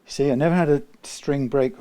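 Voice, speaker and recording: A man working as a guitar technician who muses aloud while he works, rambling and often trailing off into quiet muttering. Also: medium pitch, steady tone, moderate pace, clean tone.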